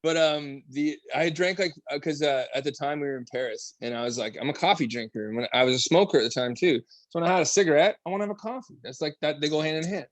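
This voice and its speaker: Fast-talking chatty man. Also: a little high, no room sound. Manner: quick, chatty, self-deprecating. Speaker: guest musician. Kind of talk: casual chat.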